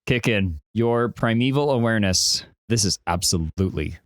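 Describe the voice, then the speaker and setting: A man narrating a tabletop game as game master on a podcast, telling the scene in a descriptive, animated way. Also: fairly low pitch, normal speed, dry recording, clean studio sound.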